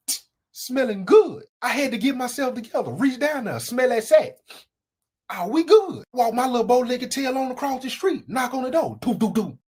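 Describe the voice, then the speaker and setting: Casting note: woman, higher voice, husky, animated comic storyteller who acts out sound effects. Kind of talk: comedic storytelling.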